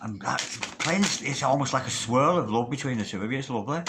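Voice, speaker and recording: A man talking through a tarot reading at an ordinary pitch. His delivery is chatty and emphatic, and he drops the odd swear word in casually. It sounds like a relaxed, one-person reading spoken straight to the viewer. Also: brisk, noisy background. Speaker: tarot reader.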